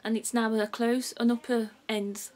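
Speaking at a moderate pace, this English vlogger has a slightly high, darkish voice and a flat delivery, plus a Brummie accent. She talks casually to the camera, wandering off topic, giggling and losing track of what she was saying. Music plays clearly in the background of the poor-quality audio.

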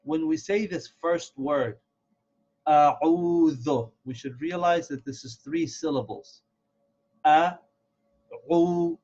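A man's voice: a little high, a little mellow, husky. Man patiently teaching recitation, lo-fi audio. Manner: patient, repeats words slowly to model pronunciation. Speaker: Quran reading teacher. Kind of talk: explanatory lesson with recited examples. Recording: dull lo-fi audio.

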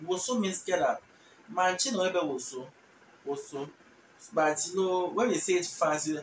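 A Ghanaian man with a slightly higher voice teaches a language lesson very slowly, repeating every phrase. He sounds a little far from the mic, in a roomy space with faint background noise. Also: fairly bright tone. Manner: slow, repeats each phrase patiently and translates. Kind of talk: relaxed spoken language lesson.

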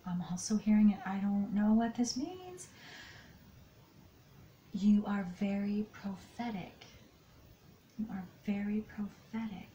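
A woman giving an intuitive tarot card reading, speaking softly and often dropping into whispers. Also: medium pitch, takes it slowly, pauses often, slight background noise, poor audio. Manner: soft-spoken, slips into whispers often. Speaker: tarot and astrology reader.

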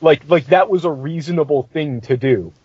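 A man's voice: a little high, normal speed, a little mellow, breathy edge, dry recording, highs cut off. A man hosting a podcast, telling a tabletop game story in a casual, profane and exasperated way.

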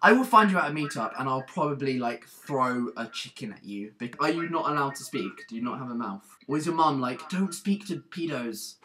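A man from England chatting on a webcam video, excitable and shrieky, giggling often. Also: medium pitch, fairly quick, few pauses, slight background noise. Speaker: vlogger.

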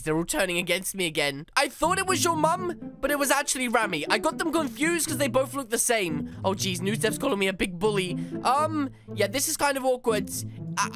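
A man giving playful, dramatic and whiny commentary while playing a video game. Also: very high-pitched. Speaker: gaming YouTuber. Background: game music.

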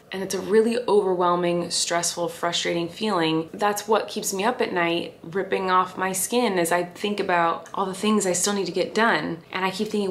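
A woman in her thirties venting to her viewers in a confessional home vlog, rambling quickly and close to tears. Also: fairly low pitch, steady tone, a bit bright, slight background noise. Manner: frustrated venting, fast rambling. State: on the verge of tears. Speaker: vlogger. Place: home, indoors at night.

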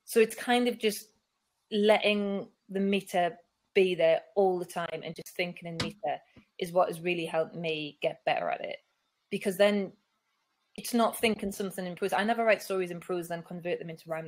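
A middle-aged woman author talking casually in an interview, chatty and self-deprecating, acting out other people's lines as she tells stories. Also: on the low side. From Newcastle, England. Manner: chatty, self-deprecating, acts out quoted voices. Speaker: picture book author, guest.

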